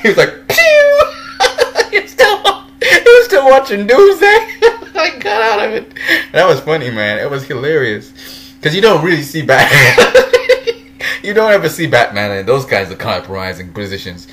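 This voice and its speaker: A man's voice: on the high side, sing-song, moderate pace, fairly bright tone, a little hiss or hum. Giggling man with a hugely swooping voice. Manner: laughs often, breaks into giggles between sentences; retells scenes with playful voices for the characters. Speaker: movie commentator. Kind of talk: casual movie commentary.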